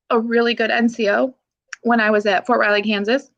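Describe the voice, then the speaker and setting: A woman's voice: fairly high pitch, little pitch movement, a little fast, vocal fry, a bit bright, lo-fi sound. A woman in her thirties from the Pacific Northwest, an army veteran guest speaking frankly and emotionally in a podcast interview, swearing casually and laughing often. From Pacific Northwest, USA. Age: 30s.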